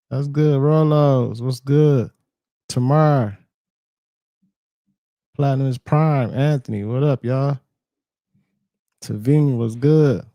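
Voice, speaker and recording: A man in chats loosely with viewers while reacting to clips. His voice is mellow and gravelly, recorded close and dry with no room sound. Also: mid-range voice, dry recording. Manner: laid-back, slangy, greets the chat by name. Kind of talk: casual reaction stream chat.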